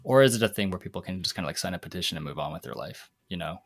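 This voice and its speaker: A man's voice: deep voice, expressive, rapid-fire, no room sound. A man from Washington state co-hosting a casual discussion, talking loosely with many fillers and restarts. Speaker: podcast co-host.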